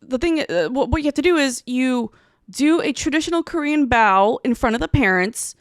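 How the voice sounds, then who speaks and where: A woman co-hosting a podcast, telling a story in casual chat, animated and swearing as she acts out quotes. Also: high-pitched, normal speed, dry recording, studio quality. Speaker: podcast co-host.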